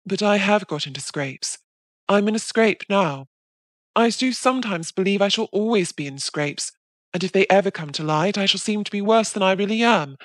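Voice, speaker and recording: A woman's voice: medium pitch, expressive, moderate pace, no room sound, clean studio sound, pitched above the performer's own voice, lightly acted. A woman voicing a troubled, secretive young woman in an audiobook, speaking tenderly through tears. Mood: rueful tearful. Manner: rueful, tender.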